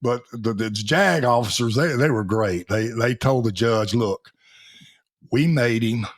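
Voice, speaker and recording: Husky older man telling stories. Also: mid-range voice, a little slow. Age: 70s. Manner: folksy, laughs through his stories, acts out the voices of people in them. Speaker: guest, Navy veteran. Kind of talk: storytelling in a podcast interview.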